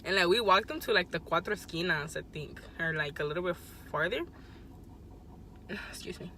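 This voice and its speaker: Young woman, vlog host, loud, laughing, bright tone, faint background noise. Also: lowish voice, moderate pace, poor audio. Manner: loud, animated, laughs a lot, mixes in Spanish. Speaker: vlogger hosting a mukbang. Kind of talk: casual chat.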